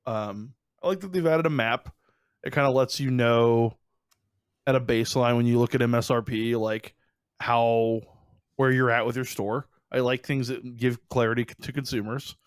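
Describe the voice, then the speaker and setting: A young man with an Ohio accent chats casually as a podcast co-host, rambling and upbeat with many fillers. His voice sits at an ordinary pitch. The recording is dry and close, with no room sound. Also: fairly even intonation, unhurried, clear, resonant tone, no room sound.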